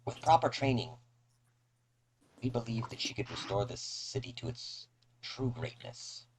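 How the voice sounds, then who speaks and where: A man voicing a zealous female cultist who speaks in a measured, reverent way. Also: medium pitch, expressive, a little hiss or hum, pitched above the performer's own voice, lightly acted, low-quality recording. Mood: solemn.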